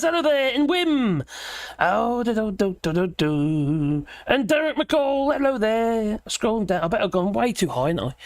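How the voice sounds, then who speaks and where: A hoarse woman with a British accent hosting a casual live political chat, laughing often and greeting viewers by name. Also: a little high, dry recording. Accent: British English. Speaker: livestream host.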